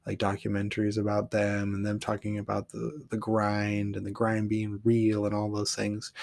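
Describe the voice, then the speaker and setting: A man's voice: lowish voice, creaky. A man hosting his own podcast, talking through his path as a poet in a candid, rambling monologue with casual swearing. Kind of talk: reflective solo monologue.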